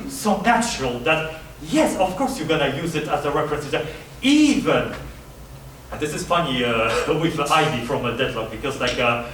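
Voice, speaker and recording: A man's voice: a little high, fairly bright tone, slight background noise. Man, rambling panel speaker, slightly raised voice, distant mic in a reverberant hall. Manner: rambling with many fillers, acting out bits. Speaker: convention panelist. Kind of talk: casual panel talk demonstrating acting reference. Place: large convention hall. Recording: echoey hall from far off.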